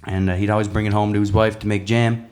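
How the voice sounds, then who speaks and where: A man, a singer-songwriter chatting and telling relaxed, laughing stories between songs at a small live venue. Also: fairly low pitch, fast talker. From Newfoundland, Canada.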